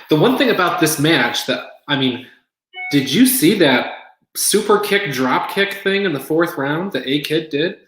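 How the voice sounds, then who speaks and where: A man's voice: on the high side, lively intonation, unhurried, fairly bright tone, echoey room, a little hiss or hum, poor audio. A man co-hosting a casual wrestling podcast, joking dryly and breaking down matches analytically. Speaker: podcast co-host.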